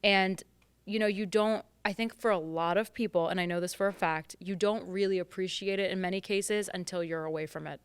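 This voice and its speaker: A bubbly young woman chats as a podcast guest and acts out people's lines as she tells stories. Her voice is smooth and clear, recorded close and dry. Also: medium pitch, no room sound. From Western Pennsylvania. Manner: bubbly, animated storyteller, quick to laugh and act out quotes. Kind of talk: casual chat.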